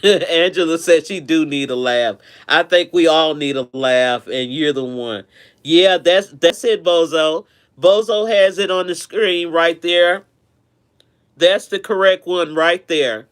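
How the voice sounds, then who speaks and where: A man with a fairly high, smooth and clear voice hosts a relaxed live stream. He chats warmly with his viewers and tends to repeat himself as he goes. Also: takes it slowly. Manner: chatty, affectionate, repeats himself.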